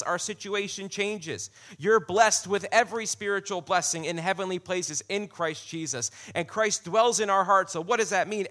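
A man's voice: high voice, normal speed, hardly any pauses, a bit bright. A man preaching a sermon in a conversational way, repeating key phrases for emphasis.

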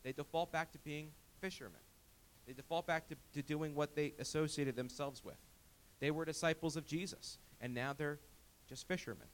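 A man delivers a sermon with a slightly high voice for a man. He swings between lively emphasis and hushed, quiet passages, repeating and restarting words as he goes. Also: moderate pace. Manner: animated, emphatic, with frequent restarts. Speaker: pastor.

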